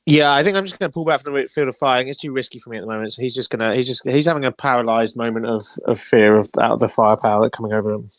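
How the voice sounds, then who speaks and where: A man's voice: medium pitch, fairly even intonation, rapid-fire, hardly any pauses, no room sound. A man playing a tabletop game, thinking aloud about his dice rolls. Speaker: player. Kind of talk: casual tabletop game play.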